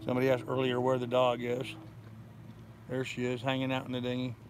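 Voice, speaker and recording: A man's voice: mid-range voice, monotone, brisk, noisy background. An older man chatting casually on a live stream from his boat in a bay, telling rambling stories. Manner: rambling storyteller. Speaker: sailing vlogger.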